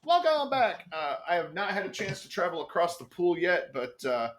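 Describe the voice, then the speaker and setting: Guy rambling through a story, lots of uhs, swears casually, slightly high voice. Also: big pitch swings, moderate pace, over a noisy crowd. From United States. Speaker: guest.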